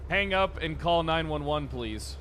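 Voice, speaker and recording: A man's voice: on the high side, animated, unhurried, a bit bright. A man playing a police officer in a game roleplay, brash and crude, joking casually. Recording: game sirens and traffic behind voice. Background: police sirens and vehicles.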